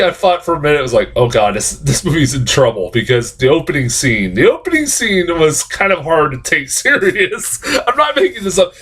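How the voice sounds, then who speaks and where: A man's voice: fairly high pitch, a bit bright. A man giving a casual movie review, swearing often, laughing and rambling with many restarts.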